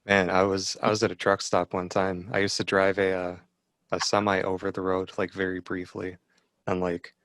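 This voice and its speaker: Low-voiced man telling a rambling story. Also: monotone, moderate pace, fairly bright tone, no echo, studio quality. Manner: rambling storyteller, many fillers. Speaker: guest. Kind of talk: casual podcast chat.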